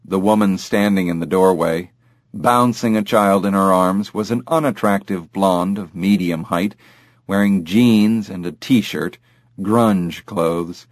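Brief: male audiobook narrator, lower voice, dry close recording, steady read. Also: takes it slowly, no room sound. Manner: steady, even storytelling. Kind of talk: scripted narration.

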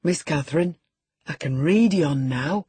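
A woman voicing an awkward, rough young countryman who talks slowly. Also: deep voice, mellow, no echo, full character voice. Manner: slow, drawling.

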